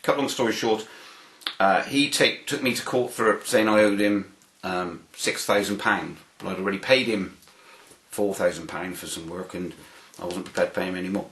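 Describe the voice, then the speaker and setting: A man's voice: low voice, moderate pace. Roomy-sounding man telling anecdotes. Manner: animated, repeats words when starting a phrase. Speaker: interviewee. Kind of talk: anecdotal storytelling.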